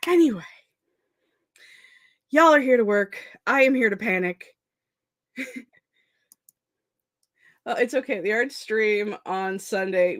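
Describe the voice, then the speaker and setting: This young streamer, clearly short on sleep, chats with viewers on her productivity stream in a voice that's a little high and a bit bright. She rambles, loses her thread, makes fun of herself and laughs frequently, captured in dry, studio-quality sound.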